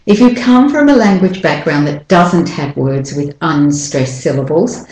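A woman giving a spoken pronunciation lesson, slowly and carefully demonstrating individual sounds and syllables. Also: lowish voice, a little mellow, reverberant, rough recording. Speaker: pronunciation teacher.

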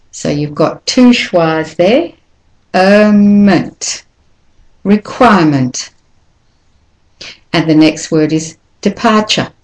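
A woman teaching English pronunciation, speaking carefully and deliberately and repeating each word slowly for the learner. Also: deep voice, a little mellow, poor audio. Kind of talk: slow, clear pronunciation lesson.

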